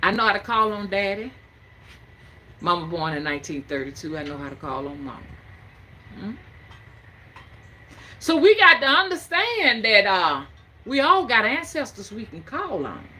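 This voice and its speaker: A Southern woman over fifty talks to camera as a spiritual reader, folksy and emphatic. Her bright voice swings widely in pitch and moves at an unhurried pace. A faint noise sits under her voice. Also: very animated. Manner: folksy, emphatic, preaching cadence. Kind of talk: casual talk to camera.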